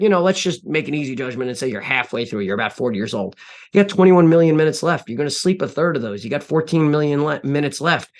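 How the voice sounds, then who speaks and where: A man in his forties speaks as a podcast guest, earnest and reflective, with a middle-pitched voice. He often stops and restarts phrases as he recalls personal stories. The delivery is plain and close to the mic. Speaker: podcast guest, CEO and author. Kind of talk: interview storytelling.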